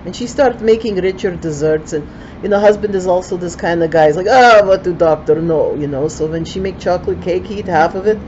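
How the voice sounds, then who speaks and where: A woman's voice: on the low side, quick pace, dark tone, lo-fi sound, slight background noise. An older woman with a Ukrainian accent telling a folksy story in broken English, with chatty asides.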